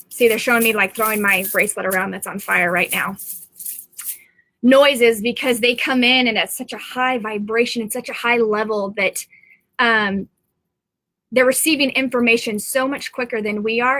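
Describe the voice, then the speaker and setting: A woman's voice: on the high side, bright, forceful tone, no room sound. A middle-aged woman, a psychic medium, talking to viewers from home in a rambling, earnest live-stream monologue.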